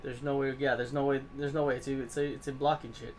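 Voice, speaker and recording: A man giving let's-play commentary as a gaming host, swearing a lot and swinging from low muttering to yelling at the game. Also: flat delivery, brisk, slight background noise.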